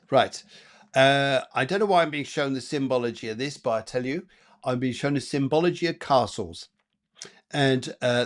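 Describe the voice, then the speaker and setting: A man working as a psychic medium, giving rambling, chatty live card readings with lots of fillers and repeated phrases. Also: mid-range voice.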